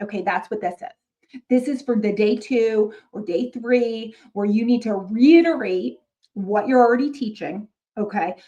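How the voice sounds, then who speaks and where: A chatty woman with a New York accent talks casually to other teachers in a warm, mellow voice. She peppers her talk with "okay?" and wry jokes. Her tone is relaxed and down to earth. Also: medium pitch. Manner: chatty, keeps checking in with "okay?", wry joking asides. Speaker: middle school marketing teacher, channel host. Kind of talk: casual chat to fellow teachers.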